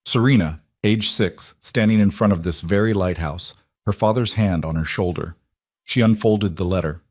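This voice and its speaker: A man narrating a dramatic story in steady, scripted storytelling. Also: deep voice, normal speed, dry recording, studio quality.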